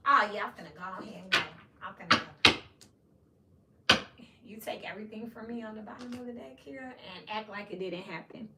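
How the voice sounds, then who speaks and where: A woman's voice: medium pitch, brisk, heavy background noise. Woman, blunt and profane tarot talk, roomy echo, distant mic. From Memphis, USA. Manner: blunt and profane, with frequent "you know what I mean". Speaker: tarot reader. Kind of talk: casual tarot reading rant.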